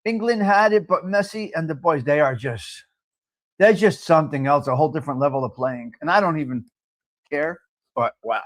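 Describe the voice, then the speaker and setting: A man's voice: on the high side, normal speed. A middle-aged man, hosting a live coffee chat stream and talking bluntly to viewers, joking and swearing freely.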